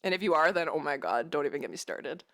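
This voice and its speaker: A woman's voice: sits low, expressive, fast, fairly bright tone. Giggly, bubbly woman streamer. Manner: giggly, bubbly, swears freely, reacts to chat. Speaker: livestreamer. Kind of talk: casual livestream chat.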